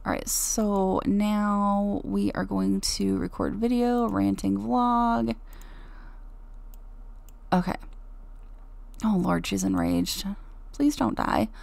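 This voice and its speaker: Woman, young adult, game commentary host, chatty and giggly, gravelly fry, mellow tone. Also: medium pitch, steady tone, takes it slowly, pauses often, no room sound. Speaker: Let's Play host.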